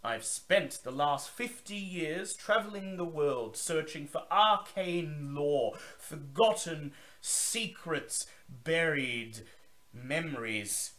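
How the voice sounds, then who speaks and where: A man's voice: a little high, expressive, takes it slowly, sharp tone, pitched above the performer's own voice, full character voice. A man voicing a grandiose, zealous male vampire elder who declaims to a gathering. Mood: proclaiming. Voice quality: theatrical, declaiming.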